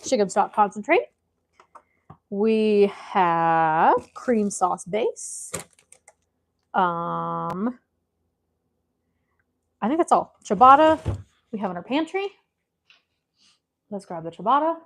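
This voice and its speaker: A woman's voice: mid-range voice, big pitch swings, slow, creaky, long pauses. A woman vlogging casually from her home kitchen, out of breath and frazzled, chatting to herself as she gathers things. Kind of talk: casual cooking vlog chat.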